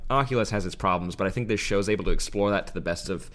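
A young man co-hosts a podcast in a relaxed, rambling way. He chats casually with his co-hosts. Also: low-pitched, fast talker. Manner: easygoing, rambling. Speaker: podcast co-host. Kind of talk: casual chat.

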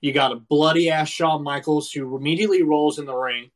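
Male co-host in his thirties, lightly raised voice, animated and profane storyteller in casual chat. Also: a little high, fairly quick. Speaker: podcast co-host. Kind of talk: casual wrestling review chat.

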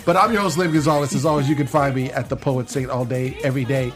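A man hosting a lively panel chat show, excitable and often laughing. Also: medium pitch, fast talker, faint music behind. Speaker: host. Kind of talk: casual chat.

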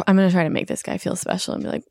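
A woman's voice: fast, a little mellow, no echo, clean studio sound. A woman co-hosting a casual, jokey conversation about a TV episode and words. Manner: playful, jokey. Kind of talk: casual chat.

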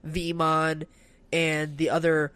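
A playful speaker in casual chat with a middle-pitched voice. They crack jokes and slip into silly voices, recorded dry and close with no room sound. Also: completely flat delivery, very slow, fairly bright tone, clear, resonant tone, no room sound.

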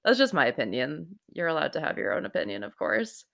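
Low-voiced chatty young woman. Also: big pitch swings, a little fast, creaky, fairly bright tone. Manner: chatty, laughs often, says "like" a lot. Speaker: vlogger recapping a TV episode. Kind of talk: casual chat.

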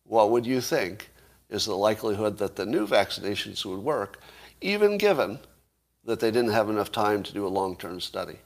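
Man, casual livestream host, argumentative, rhetorical questions, somewhat low-pitched. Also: expressive, normal speed.

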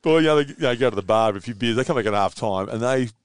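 A man's voice: mid-range voice, animated, very fast, smooth, no echo. A man in his fifties with an Australian accent, a guest telling long rambling anecdotes in casual chat. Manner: rambling anecdotes with many fillers. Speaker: interview guest, former footballer.

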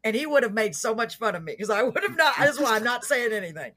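A woman with a Texan accent co-hosting a casual chat over a video call, chatty and quick to laugh. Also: fairly high pitch. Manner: laughs often, chatty and excitable. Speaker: podcast co-host.

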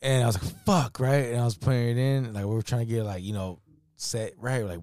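A man's voice: medium pitch, fairly even intonation, fast, a little mellow, no echo, clean studio sound. Laid-back profane podcast guy. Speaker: podcast co-host. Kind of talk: casual chat.

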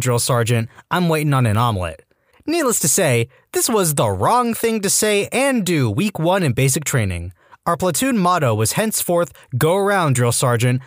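A male narrator reads online stories in a scripted but animated way, dipping into quick character voices. His voice sits a bit high and moves a lot. The sound is dry and close, with no room around it. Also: no room sound. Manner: lively reading with voiced character quotes. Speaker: story narrator.

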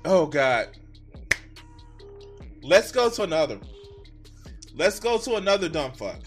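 A high, bright male voice that swings wildly up and down as he reacts on stream. He swears freely and gets worked up in an excitable, giggly way. Faint music sits underneath. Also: slow. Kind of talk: profane live-stream reaction commentary.

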